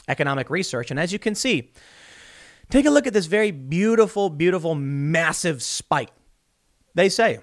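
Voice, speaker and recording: A man giving solo political commentary, sarcastic, mocking opponents in high put-on voices. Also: a bit bright.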